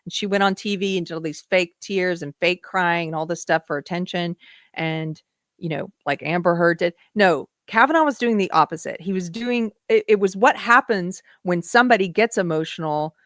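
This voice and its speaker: A woman's voice: mid-range voice, fairly bright tone, dry recording, clean studio sound. A woman from South Carolina hosting a live political show, giving emphatic, opinionated commentary and reading out viewer donations.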